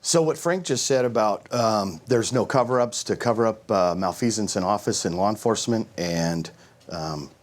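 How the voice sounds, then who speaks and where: A man's voice: fairly low pitch, moderate pace. A man answering as a sheriff candidate in a political debate, making pointed, combative rebuttals.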